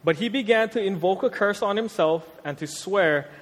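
A young man delivers a casual sermon, easygoing and full of slang. His voice sits a bit high for a man, and a long church-hall reverb trails every phrase. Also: moderate pace. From Hawaii. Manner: conversational, animated, street slang. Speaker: preacher.

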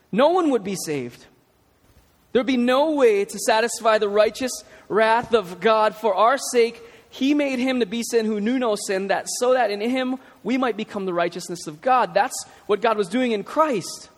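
A man preaching a sermon in a casual, conversational way, with emphatic questions to the congregation. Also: high voice. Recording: long hall reverb.

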